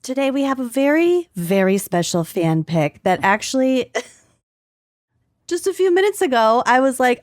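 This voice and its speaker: A woman's voice: high voice, a little slow. A woman co-hosting a true crime podcast in casual chat, laughing often as she tells stories. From Upper Midwest US. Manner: giggly, animated storytelling. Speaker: podcast co-host.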